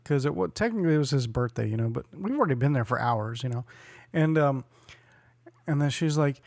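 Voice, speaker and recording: A man's voice: mid-range voice, brisk, no echo. A man in his forties co-hosting a podcast, telling a story in casual chat, acting out other people's lines and laughing often. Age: 40s. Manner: animated storyteller who acts out quotes and laughs often. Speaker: podcast co-host.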